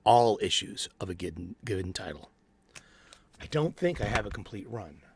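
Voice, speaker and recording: Gravelly and darkish, the lowish voice of a middle-aged man swings widely in pitch at a normal speed. He's hosting a rambling, filler-heavy solo chat about comic books from his home studio, restarting many times.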